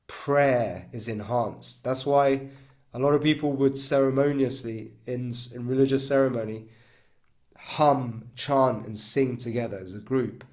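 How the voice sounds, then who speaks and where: A man leading a guided breathwork class, calmly explaining and demonstrating chanted tones, checking in often with his listeners. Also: medium pitch. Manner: calm coaching with frequent "okay?" and "right?" check-ins. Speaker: breathwork coach.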